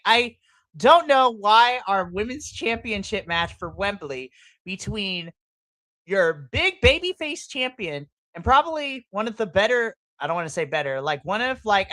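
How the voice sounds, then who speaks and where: A woman hosting a casual live podcast, talking in an animated, ranting way with playful, over-the-top asides. Her voice is pitched in an ordinary middle range. The recording is dry and close, with no room echo. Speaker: podcast host. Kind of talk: casual livestream reaction chat.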